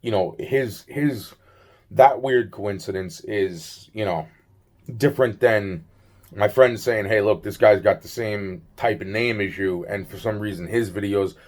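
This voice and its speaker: A man's voice: fairly low pitch, a little slow, darkish tone. A man giving a rambling solo video monologue, heavily profane and full of restarts and fillers, agitated and worn out. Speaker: vlogger.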